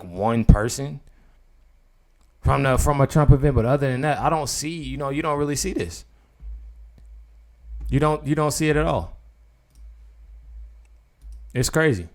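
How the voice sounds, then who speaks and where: Guy ranting on his vlog, rambles and repeats himself, mid voice, talks to his viewers a lot. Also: medium pitch. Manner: rambling, repetitive, addresses viewers as y'all. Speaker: political commentary vlogger. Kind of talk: casual commentary.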